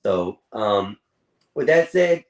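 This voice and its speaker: A man's voice: lowish voice, sing-song, slow pace, darkish tone. A man in casual chat, telling a long rambling personal story, filling gaps with throwaway "da, da, da" and calling the listener "bro". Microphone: streaming call audio.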